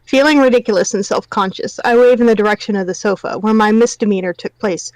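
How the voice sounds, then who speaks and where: A woman's voice: medium pitch, fast talker, no room sound, poor audio. A woman reading a novel aloud on a livestream as a guest reader, breaking off for wry comments.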